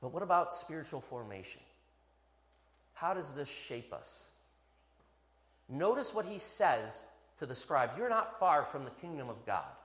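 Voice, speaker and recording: A man preaching a sermon in a church, emphatic and animated, with playful asides to the congregation. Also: on the high side, measured pace, long pauses. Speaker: pastor. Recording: echoey hall.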